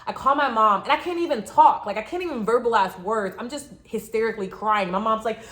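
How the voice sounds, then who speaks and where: A young woman telling a dramatic travel story to her viewers in an animated vlog. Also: a little high, a little fast, few pauses. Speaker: travel vlogger.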